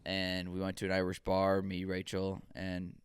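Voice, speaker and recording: A man's voice: low voice, monotone, normal speed, slight background noise. A man co-hosting a casual podcast, telling rambling stories and acting out quoted dialogue. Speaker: podcast co-host.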